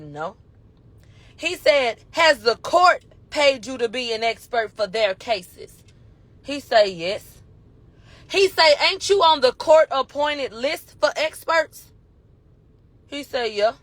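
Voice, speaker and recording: A woman with a high voice recaps a courtroom day in loose, slangy storytelling. She strings quotes together in a rapid he-said chain. The sound is dry and close. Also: dry recording. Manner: animated, slangy, retells quotes in a running he-said chain. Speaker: commentator recapping a trial.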